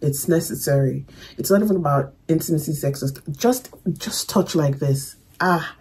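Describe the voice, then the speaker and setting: Young woman doing a movie reaction vlog, low-ish mellow voice, really husky, emotional and soft. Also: moderate pace, low-quality recording. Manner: emotional, soft-spoken, calls viewers "my darlings". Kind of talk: casual reaction commentary.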